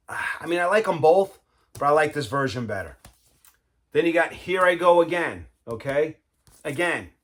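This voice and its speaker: A man's voice: a little high, fairly bright tone. Chatty man showing his records. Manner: chatty, enthusiastic, talks to viewers, says "man" and "all right" a lot. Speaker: vinyl collector showing his collection. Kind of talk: casual show-and-tell vlog.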